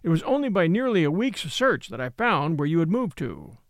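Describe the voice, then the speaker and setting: A man's voice: on the high side, very animated, a little fast, no room sound. Male narrator doing an insistent suitor, masterful and ardent; dry close sound. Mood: pleading. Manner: earnest and pleading, then stern. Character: ardent, masterful man wooing a young woman.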